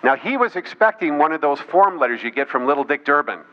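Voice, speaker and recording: A man's voice: on the high side, lively intonation, fast talker. A man giving a speech to an audience, telling a story with mocking asides and quoted voices. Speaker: political speaker. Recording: dull lo-fi recording with faint noise.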